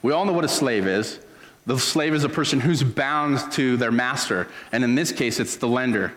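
A man's voice: mid-range voice, normal speed, fairly bright tone, in a large hall. A man preaching a sermon as a pastor, in an earnest, conversational storytelling manner.

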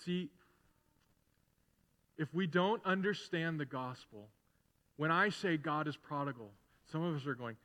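A middle-aged man preaching a sermon as pastor in a conversational way, building to loud, emphatic repetition. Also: on the high side, measured pace, long pauses. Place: church sanctuary. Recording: long hall reverb in a church.

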